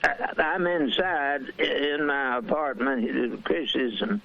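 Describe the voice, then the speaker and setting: Slow, gravelly man on a muffled phone line. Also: medium pitch. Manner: slow, halting delivery with restarts. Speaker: caller. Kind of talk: telling a joke on a call-in show. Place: basement apartment.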